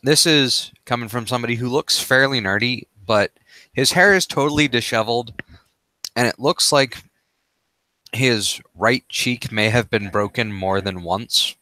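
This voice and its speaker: A man's voice: mid-range voice, measured pace, pushed and bright, dry recording. A man playing in a tabletop role-playing game, speaking in a laid-back way and swearing casually. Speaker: player.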